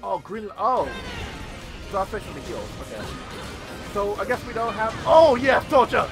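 Young guy hyped up playing a game, cursing a lot, super lively voice, game music loud behind. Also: high voice, normal speed, over a noisy crowd. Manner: excitable, swears, mimics lines. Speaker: gameplay video host. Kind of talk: casual gameplay commentary.

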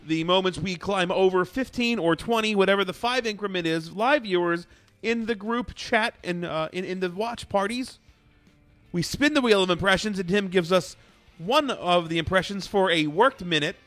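A man's voice: high voice, normal speed, a bit bright, no echo, faint music behind. A man co-hosting a casual talk show, joking around and swearing freely. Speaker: co-host. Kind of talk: casual chat. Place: studio.

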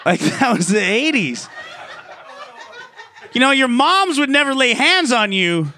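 A man's voice: very high-pitched, sing-song, unhurried, pushed and bright. A man doing a stand-up comedy routine in a casual, profane style, full of "like" fillers.

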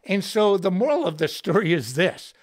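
A man hosting a livestream and telling a story in an excitable, slangy way, shouting words for emphasis. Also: high-pitched, moderate pace. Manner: slangy, says dude and bro. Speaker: host and guitarist.

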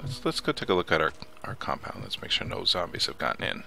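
Gravelly low-voiced man playing a game. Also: wildly swooping pitch, fast, sharp tone, faint music behind. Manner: chatty, muttering to himself, swears when startled. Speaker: let's play host. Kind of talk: casual gameplay commentary.

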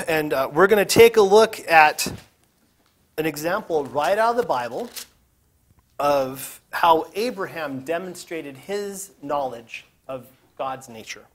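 A man leading a group Bible lesson, reading scripture aloud with casual, joking asides. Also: fairly high pitch. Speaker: Bible teacher.

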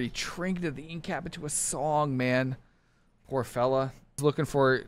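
A man streaming a competitive online game live, talking his teammates through the match in short clipped callouts and bursting into excited shouts. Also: medium pitch, moderate pace, dry recording. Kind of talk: live gameplay commentary.

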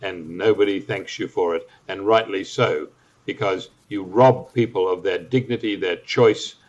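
An older man with an Australian accent giving measured analysis as an interview guest, talking deliberately with some restarts. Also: low voice. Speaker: guest commentator. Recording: muffled lo-fi audio.

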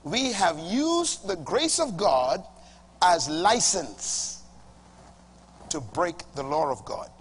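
A man's voice: high-pitched, very animated, takes it slowly, slight background noise. A middle-aged male pastor preaching a sermon emphatically, stretching key words and calling on the congregation to respond. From Bahamas. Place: church hall before a congregation.

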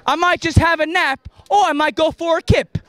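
A very high-voiced man spits a cocky freestyle rap on a street corner at night. He rhymes in quick bursts and breaks into laughter between bars, recorded on a handheld camera out in the open street. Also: steady tone, crowd noise. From New York. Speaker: rapper.

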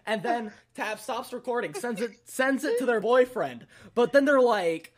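A man's voice: extremely high pitch, animated, normal speed, few pauses. Profane young man telling a wild story. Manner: profane, rambling, laughing often. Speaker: podcast host. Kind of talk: casual storytelling.

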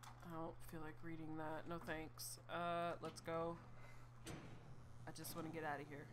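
A woman's voice: deep voice, level tone, a little slow, background noise. A woman streaming a horror video game, talking to herself in jumpy exclamations. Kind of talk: live horror game playthrough.

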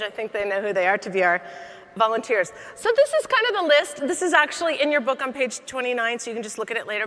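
Woman, comedic keynote speaker, chatty, laughing, bright tone, long hall reverb. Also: sits high. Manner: lively, chatty, laughs between lines. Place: large hall on stage.

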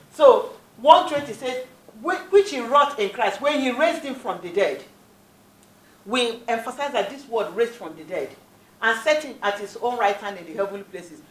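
A woman preacher giving a sermon with scripture reading, emphatic, repeating key phrases and often saying "praise the Lord". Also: mid-range voice. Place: church hall. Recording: echoey church hall.

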